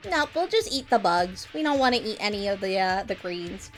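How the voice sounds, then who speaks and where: A woman putting on a voice for her pet bearded dragons, stubborn little lizards who refuse their greens, squeaky and whiny. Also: expressive, brisk, faint music behind, natural voice.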